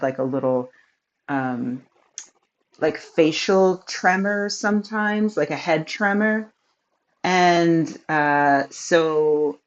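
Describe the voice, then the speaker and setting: Low-voiced woman chatting at home. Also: dull audio. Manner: chatty, rambling with many fillers and laughs. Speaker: vlogger. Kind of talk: casual storytelling to camera. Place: home office.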